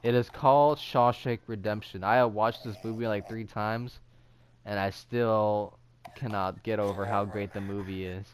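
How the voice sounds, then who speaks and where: A man's voice: on the low side, fairly even intonation, normal speed. A young man hosting a casual podcast, rambling and laughing often between thoughts. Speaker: podcast host. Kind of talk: casual podcast chat in a VR game.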